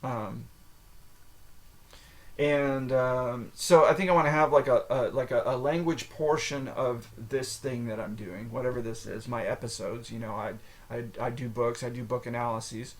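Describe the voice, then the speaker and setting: American male podcast host, mid-pitched, loose rambling solo talk. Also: fairly even intonation, moderate pace. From United States. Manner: rambling, filler-heavy, frequent restarts. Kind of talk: casual solo monologue.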